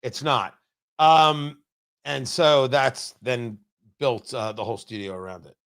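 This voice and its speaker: A man's voice: mid-range voice, steady tone, measured pace, fairly bright tone, smooth. A man hosting a talk radio show, delivering an opinionated monologue with sarcastic, mocking asides from his studio.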